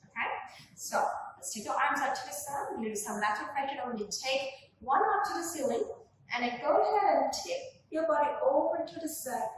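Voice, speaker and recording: A woman with a high voice calmly leads a gentle pilates session, cueing each inhale and exhale. She sounds distant from the camera in a very echoey room, with a faint hiss behind her. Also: a little fast. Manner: gentle, calm cueing of breath and movement. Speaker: pilates instructor. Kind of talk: guided workout instruction. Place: room at home.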